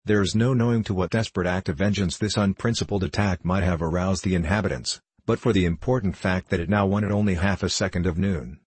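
Low-voiced man narrating a comic tale, theatrical delivery, husky tone, dry close sound. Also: quick pace, few pauses, no echo. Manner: theatrical, lively comic reading. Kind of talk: scripted storybook narration.

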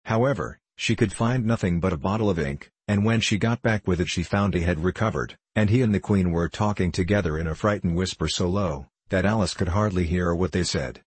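A man narrating a classic children's storybook in a steady, measured reading. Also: sits low, breathy edge, no echo.

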